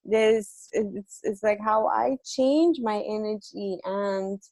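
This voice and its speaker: A woman's voice: mid-range voice, slow, a little mellow, no echo. A woman hosting a conversation, speaking thoughtfully and reflectively as she searches for her words. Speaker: host.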